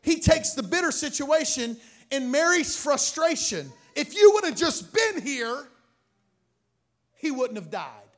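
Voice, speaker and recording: A male pastor preaching a sermon, animated, swinging between loud bursts and quiet asides. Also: very high-pitched, a little slow.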